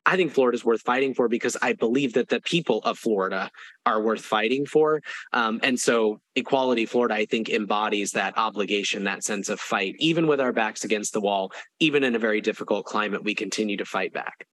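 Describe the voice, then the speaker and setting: A man's voice: fairly low pitch, brisk, fairly bright tone, dry recording, rough recording. A man speaking as a press secretary in an interview, making an impassioned, emphatic case with rallying repetition. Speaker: press secretary for an advocacy group. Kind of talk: interview answer, advocacy talk.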